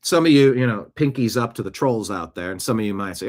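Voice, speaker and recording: A man's voice: on the low side, sing-song, brisk, few pauses, darkish tone. Sarcastic man hosting a political talk show. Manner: sarcastic, rambling, jokey. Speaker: show host. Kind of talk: political commentary monologue.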